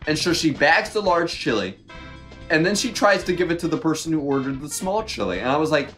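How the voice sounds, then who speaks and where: A young man co-hosting a podcast, telling a work story in a casual, animated and exasperated way. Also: fairly high pitch, a little fast, soft background music. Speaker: podcast co-host.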